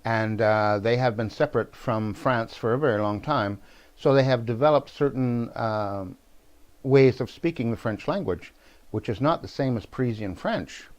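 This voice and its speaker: A man's voice: mid-range voice, moderate pace, a little mellow. A man from New Brunswick, talking in a rambling, digressive and opinionated way in a casual political monologue to camera. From New Brunswick, Canada. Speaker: vlogger.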